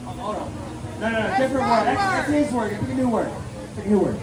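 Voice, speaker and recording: A man's voice: high voice, lively intonation, quick pace. A man hosting a live comedy show at an animal park, rousing the crowd and playing the exasperated straight man over a PA. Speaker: show host. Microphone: handheld PA mic recorded from the audience. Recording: echoey PA from far off with loud crowd and noise.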